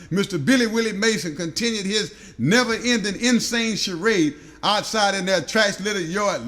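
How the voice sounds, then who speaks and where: A man's voice: high-pitched, pushed and bright. A man reading a comic audiobook story aloud, rambling through long lists with stumbles and repeats.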